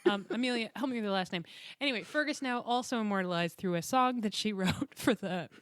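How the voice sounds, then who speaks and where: A woman co-hosting a podcast, telling stories in an animated, casual way and swearing freely. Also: medium pitch, a little fast, no echo. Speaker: podcast co-host. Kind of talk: casual chat.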